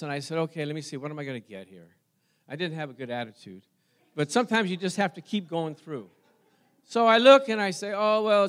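High-voiced man preaching a story. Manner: storytelling, animated, talks to congregation. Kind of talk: sermon.

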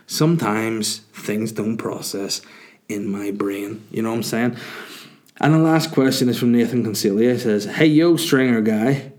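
A man's voice: on the low side, darkish tone. A young man hosting a casual solo podcast, rambling and swearing freely. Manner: rambling, chatty, swears freely, laughs easily. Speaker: podcast host.

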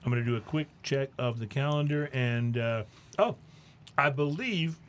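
A man's voice: medium pitch, moderate pace, slight background noise. A man hosting a casual podcast, easygoing and joking, with lots of fillers. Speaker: podcast host. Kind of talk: casual chat.

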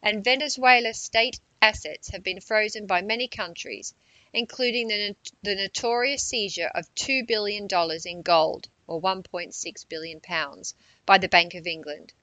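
A woman reading a political news report in a measured narration, with quotes read aloud. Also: medium pitch, pushed and bright, no room sound, rough recording.

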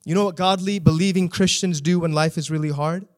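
A man's voice: fairly high pitch, steady tone, brisk. A pastor preaching a sermon, earnestly putting rhetorical questions to his congregation.

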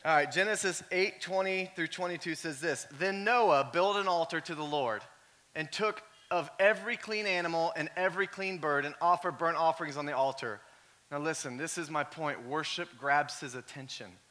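A male pastor preaching a sermon in a conversational way, full of "like" fillers, moving from quiet storytelling up to shouting. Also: a little high, normal speed.

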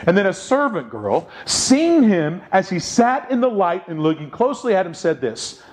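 A man's voice: sits high, very animated, normal speed, few pauses, darkish tone, a little hiss or hum. A man preaching a sermon, telling a story with lots of rhetorical questions and emphatic repetition. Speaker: pastor.

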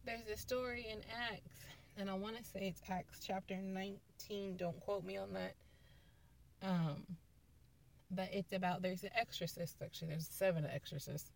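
A woman's voice: mid-range voice, steady tone, normal speed, creaky. A woman giving a casual, conversational sermon, retelling scripture stories with emphatic quoted lines. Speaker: preacher.

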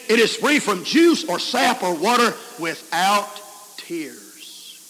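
A man preaching a camp meeting sermon, telling folksy stories and swinging between shouts and hushed whispers. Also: high-pitched, big pitch swings, slow. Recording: hissy 1990s recording in a reverberant hall.

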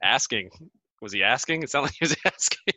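Bright-voiced man telling stories on a podcast. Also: mid-range voice, lively intonation, brisk, no room sound. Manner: storytelling, laughs often. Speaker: podcast co-host. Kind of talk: casual podcast chat.

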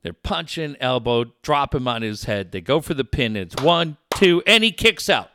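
A middle-aged man hosting a sports talk radio show, telling a rambling, animated story with many restarts. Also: mid-range voice, moderate pace, a little hiss or hum. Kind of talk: casual talk radio chat.

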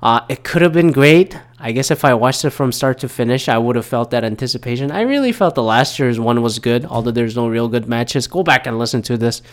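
A man's voice: mid-range voice, lively intonation, fairly quick, few pauses. Host, thirties, male; loose and profane, rambling talk with many fillers. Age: 30s. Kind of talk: casual solo commentary.

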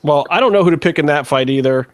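A man's voice: a little high, fast. A man hosting a casual podcast, joking with his co-hosts and making picks. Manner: joking, wraps up segments. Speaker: podcast host.

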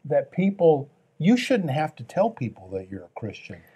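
A man's voice: a little high, wildly swooping pitch, moderate pace, dark tone, husky. A man, a pastor, talking earnestly on a faith talk show, with a preaching tone and repeated phrases.

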